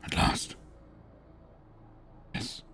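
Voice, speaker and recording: A man's voice: very slow, bright, forceful tone, soft background music. A man chatting casually and self-deprecatingly on a live art stream while he draws, reading chat aloud.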